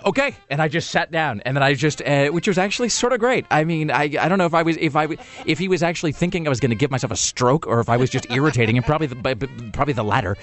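A man's voice: a little high, lively intonation, racing, hardly any pauses. A male radio host telling a casual story on air in a studio, rambling with many restarts and fillers.

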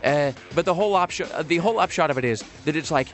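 A man's voice: on the high side, lively intonation, fast, soft background music. A man casually telling a long story on a podcast, rambling with lots of fillers and restarts.

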